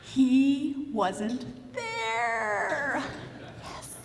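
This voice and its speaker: High-voiced woman giving an energetic keynote. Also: extremely slow. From United States. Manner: energetic storyteller, asks audience questions, gives instructions. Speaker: motivational keynote speaker. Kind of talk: live keynote speech with audience interaction. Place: large event hall with audience. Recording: reverberant hall sound.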